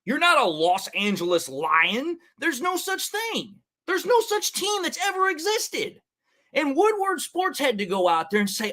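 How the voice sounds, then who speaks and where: A man hosting a sports talk show, his voice sitting high and swinging widely as he rants. He talks in a heated, animated way and keeps circling back to the same point. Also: unhurried. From Detroit area. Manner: animated, heated, repeats "it's like, dude". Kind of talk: ranting sports commentary.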